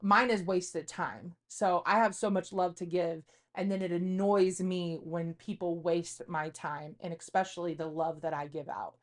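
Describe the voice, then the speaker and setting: A woman's voice: lowish voice, steady tone, a little slow, hardly any pauses. A woman in her thirties co-hosting a podcast, speaking candidly and confessionally in casual chat, rambling with frequent fillers. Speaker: podcast co-host.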